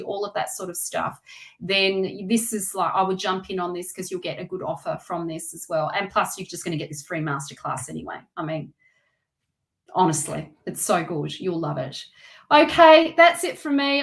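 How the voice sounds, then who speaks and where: A woman hosting a tarot and astrology live stream, chatting casually with viewers in an effusive, emotional way. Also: mid-range voice.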